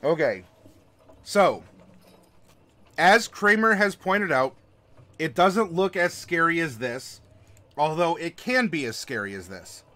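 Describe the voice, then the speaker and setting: A man's voice: fairly high pitch, animated, takes it slowly, long pauses, pushed and bright. A man hosting a casual read-along review of a rulebook, rambling with plenty of fillers and a sarcastic edge. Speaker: host reviewing a game rulebook.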